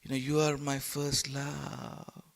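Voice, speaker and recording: A man voicing a young woman on wartime radio who softly and slowly pleads for her lover to come home. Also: medium pitch, level tone, gravelly. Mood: longing. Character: young female wartime radio voice, sweet and longing.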